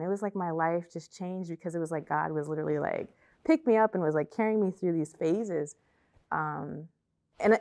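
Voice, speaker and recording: Woman, young adult, low pitch, gravelly fry, emotional, halting, personal testimony. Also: a little mellow. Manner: emotional, halting, repeats herself. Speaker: testimony speaker.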